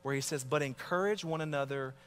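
A man's voice: on the high side, a little fast, long reverb tail, a little hiss or hum. A middle-aged man preaching a sermon, earnest and exhorting, telling a story from his own life. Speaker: pastor.

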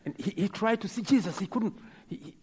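Husky preacher with a lively voice. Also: male voice, sits high. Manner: dramatic, acts out the people in his stories; halting, repeats words. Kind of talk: sermon storytelling. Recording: long hall reverb.

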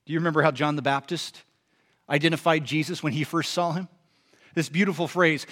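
A pastor preaching in a high voice. He speaks to his listeners in an easy, conversational way, but he presses points hard. He often throws questions out to them. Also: fairly even intonation, fast talker, a bit bright. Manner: conversational, emphatic, rhetorical questions. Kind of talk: sermon.

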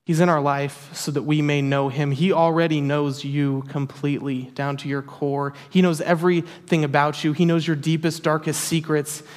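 A man's voice: fairly high pitch, little pitch movement, normal speed, hardly any pauses. A man preaching a sermon in an earnest, emphatic way, repeating key phrases for weight. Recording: long hall reverb.

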